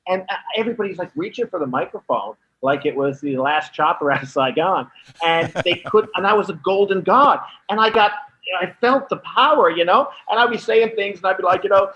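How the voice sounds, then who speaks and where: Animated Canadian comedian on a phone line. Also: male voice, sits high, a little fast. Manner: animated, laughing, slipping into voices. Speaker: comedian guest calling in. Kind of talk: anecdotal storytelling.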